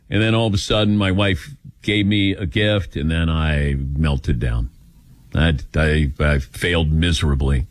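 An older man hosting a call-in radio show, taking callers and telling personal stories with lively acted-out quotes. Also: rumbling low, measured pace, dry recording. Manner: animated storytelling, acts out quotes. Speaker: radio talk show host.

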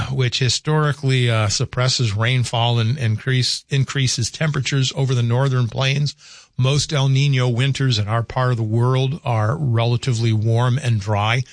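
A man's voice: medium pitch, dry recording, clean studio sound. An older man hosting a call-in radio show, talking casually and rambling as he thinks aloud.

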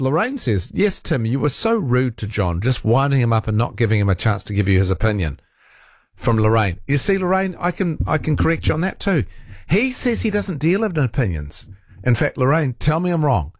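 A man's voice: medium pitch, very animated, moderate pace, no echo, studio quality. A man hosting a talk radio show, reading out listener texts and arguing back in a rambling, self-correcting way.

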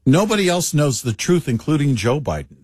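A man co-hosting a talk radio show, sarcastic and animated, with laughing asides. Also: on the high side, fairly quick, slightly rough, dry recording, studio quality. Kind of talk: casual talk radio banter.

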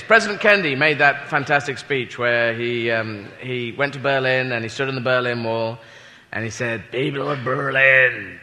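Rambling British comedian in a big hall. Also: male voice, medium pitch, pushed and bright. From United Kingdom. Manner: rambling, self-mocking, sweary asides. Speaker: stand-up comedian. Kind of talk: stand-up comedy routine. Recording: reverberant hall with audience noise.

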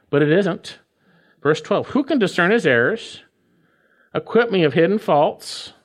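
A middle-aged man preaching a verse-by-verse sermon, stressing key words slowly and repeating phrases for emphasis. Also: a little high. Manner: emphatic, repeats key phrases, swoops between slow stresses and quick asides. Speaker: pastor. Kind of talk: expository sermon.

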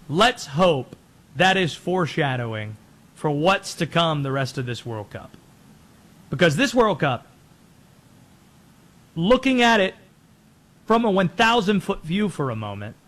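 A man hosting a sports show, talking through teams and players in quick, conversational commentary that often corrects itself. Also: a little high, a bit bright.

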